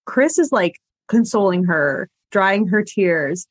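A woman's voice: medium pitch, lively intonation, slow pace, no room sound. Young woman, podcast host, chatty, filler-heavy, dry close mic. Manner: chatty, lots of "like", bursts of laughter. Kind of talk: casual chat.

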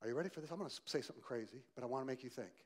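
A male pastor preaching a sermon, swinging from loud emphasis to quiet softness and asking the congregation direct questions. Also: medium pitch, animated, very fast.

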